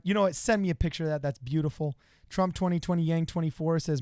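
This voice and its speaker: A man hosting a livestream in a casual, joking way, reading out viewer messages and reacting loudly to them. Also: a little high, quick pace, hardly any pauses, clean tone, dry recording, studio quality. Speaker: livestream host.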